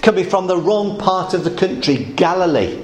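Male preacher in a hall, emphatic and animated, high voice. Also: normal speed, slight background noise. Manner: animated, emphatic, explaining step by step. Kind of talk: sermon.

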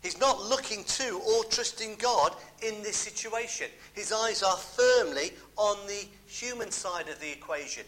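A man's voice: high-pitched, expressive, a little slow, hardly any pauses, a bit bright, low-quality recording. A middle-aged man with a British accent preaching a sermon, emphatic, repeating key phrases and adding homely asides.

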